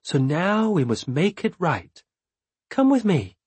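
A man's voice: high voice, sing-song, takes it slowly, a little mellow, breathy edge, no room sound, voice pushed up, exaggerated voice. A man reading an audiobook, voicing a coaxing female jailer who whispers breathily to lure a child. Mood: sweetly insistent.

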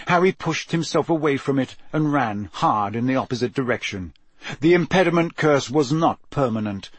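A man's voice: medium pitch, slightly rough, dry recording. A man reading an audiobook aloud, with tense, dramatic storytelling. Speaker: narrator.

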